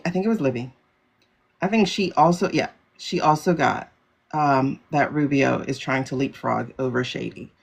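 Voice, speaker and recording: A woman's voice: sits low, creaky. A woman hosting a casual livestream, talking in a chatty, rambling way with frequent laughter. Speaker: livestream host.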